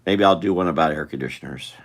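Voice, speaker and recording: A man with a very deep voice talks fast while drawing live, casually rambling and thinking aloud for the people watching.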